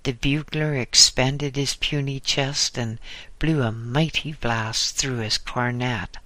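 Slow, bright-voiced male storyteller. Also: mid-range voice, fairly even intonation, no room sound. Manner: measured, descriptive storytelling. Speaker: narrator. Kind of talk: scripted narration.

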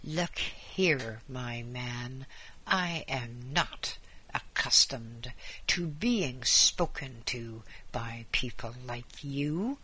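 A man's voice: medium pitch, lively intonation, drawn-out words, pushed and bright, breathy edge, exaggerated voice. A man reading aloud, voicing an angry, pompous male priest who preaches and threatens in a storybook reading. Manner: indignant, preaching.

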